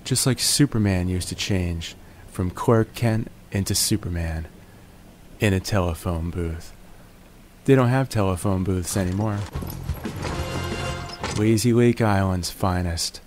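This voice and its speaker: A man in a groggy morning voice narrating his gameplay, relaxed and jokey, making little puns as he goes. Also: low-pitched, a little slow, soft background music. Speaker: gaming video host. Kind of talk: gameplay commentary.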